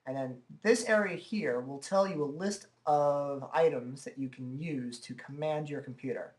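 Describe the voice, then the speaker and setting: A man giving a relaxed, chatty walkthrough of software at his computer, talking into a desk microphone and filling pauses with "uh" and "okay". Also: fairly high pitch. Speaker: software tutorial presenter. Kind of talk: casual screen-recorded software demo.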